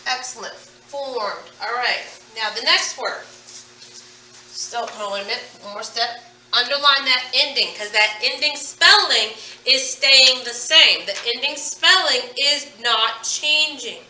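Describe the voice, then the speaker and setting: A woman's voice: on the high side, takes it slowly, pushed and bright, distant mic, slight background noise. A woman teaching a phonics lesson, patiently drilling words and asking questions. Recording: echoey room, away from the mic.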